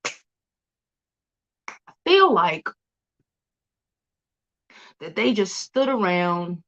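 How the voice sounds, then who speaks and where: A woman's voice: medium pitch, sing-song, extremely slow, a bit bright. A woman hosting a casual celebrity news livestream, chatty, laughing often and cursing freely.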